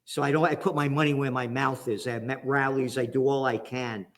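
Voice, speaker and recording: A man's voice: medium pitch, steady tone, fairly quick. A man from the Bronx with a New York accent, a guest giving fired-up, angry political commentary.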